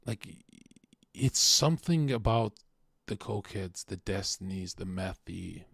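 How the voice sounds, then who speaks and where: A young man talking casually in a crude, rambling storytelling monologue, swinging from loud outbursts to mumbled asides. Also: sits low, lively intonation, unhurried, creaky, husky, no room sound, clean studio sound. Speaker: podcast host.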